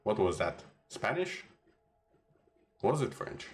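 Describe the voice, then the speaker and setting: Relaxed joking male game streamer. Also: on the low side, slow, slight background noise. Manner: relaxed, rambling, jokey asides to chat. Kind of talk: casual gameplay commentary.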